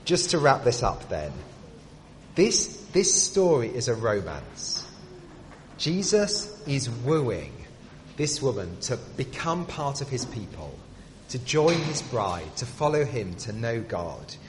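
A man preaching a sermon. He asks rhetorical questions and drops to a hush on key phrases. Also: medium pitch, very animated, slow pace, a little hiss or hum. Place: church. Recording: distant voice in a reverberant hall.

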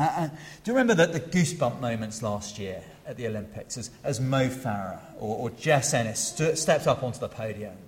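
A middle-aged man preaching a sermon. He hesitates often with fillers and restarts, then grows animated when acting out the crowd. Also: medium pitch. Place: church. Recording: long reverb of a church hall.

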